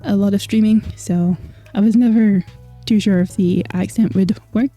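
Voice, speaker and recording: A woman's voice: medium pitch, fairly even intonation, normal speed, dark tone, faint music behind. A young Scottish woman streaming, chatting casually with viewers and laughing often. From Scotland. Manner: chatty, laughing, filler-heavy.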